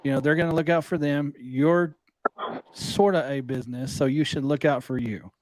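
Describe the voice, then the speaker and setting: A man's voice: fairly high pitch, steady tone, normal speed, darkish tone, no echo, rough recording. A man co-hosting a casual live stream, reasoning things through in an easygoing way with many fillers.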